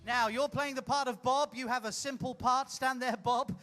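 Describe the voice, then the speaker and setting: Brief: flamboyant male host, high, bright voice, handheld mic, faint music behind. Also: fairly even intonation, moderate pace. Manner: teasing, flamboyant, bossy direction. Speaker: comedy show host. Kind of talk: audience-participation comedy. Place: ship theater.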